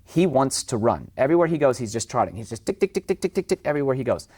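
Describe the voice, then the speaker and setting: A man's voice: mid-range voice, big pitch swings, quick pace, warm tone, slightly rough, dry recording, studio quality. A man speaking as a dog trainer guest in a casual podcast conversation, chatty, acting out owners and dogs in raised voices.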